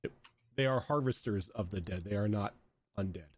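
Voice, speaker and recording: A man's voice: fairly low pitch, normal speed, darkish tone, slightly rough. A man hosting and running a tabletop game, wrapping up a session in casual, rambling chat. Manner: chatty, rambling with fillers. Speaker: game master and host.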